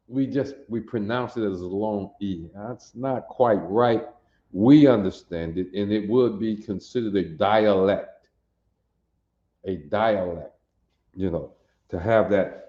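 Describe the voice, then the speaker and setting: Male teacher, slow and deliberate, drilling sounds, in an echoey room on a dull recording. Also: on the low side, mellow. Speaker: language teacher. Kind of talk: classroom lesson, drilling sounds.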